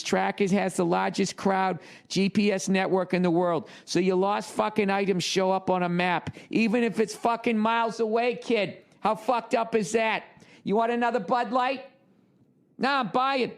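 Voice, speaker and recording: A man putting on a brash guy for a comic ad read, swearing constantly with a gravelly voice. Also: high-pitched, steady tone, moderate pace, voice pushed up.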